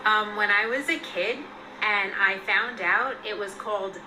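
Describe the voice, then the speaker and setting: A woman's voice: mid-range voice, unhurried, noisy background. A woman asking a prompt and telling a short funny story in social video clips, offhand and self-mocking. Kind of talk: storytelling clip.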